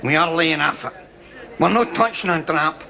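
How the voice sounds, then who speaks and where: A gravelly, fretful Scottish drinker. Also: male voice, fairly high pitch, moderate pace, pushed and bright. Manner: fretful, earnest. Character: fretful, gloating middle-aged drinker. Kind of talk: sitcom acting. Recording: sitcom with audience laughter.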